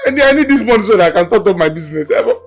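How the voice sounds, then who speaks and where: An actor playing a pushy young son who wheedles and gets excited, with a Nigerian accent. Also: male voice, sits high, normal speed, soft background music. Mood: pleading.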